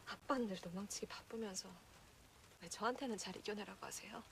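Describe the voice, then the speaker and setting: A woman's voice: medium pitch, racing, vocal fry, fairly bright tone. An actress playing a troubled teenage schoolgirl in a drama, speaking in a reproachful, clipped way. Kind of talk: drama dialogue. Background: drama score music.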